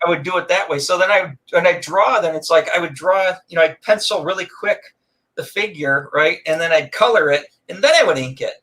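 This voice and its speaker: Middle-aged male co-host, bright tense voice, lively storyteller, casual chat. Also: brisk. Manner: animated storyteller, jumps into high voices for quotes. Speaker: podcast co-host.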